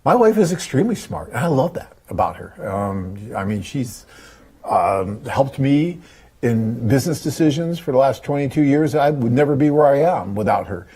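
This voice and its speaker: A man's voice: medium pitch, big pitch swings, moderate pace, warm tone, slightly rough. A man, hosting a live webcast in an enthusiastic, rambling, chatty way. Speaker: host and company head. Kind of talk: casual live webcast talk.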